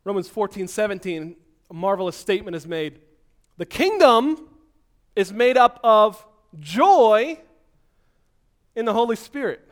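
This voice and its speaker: A man preaching an energetic, animated sermon, so physically active that he sounds out of breath at times. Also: high-pitched, measured pace, pauses often.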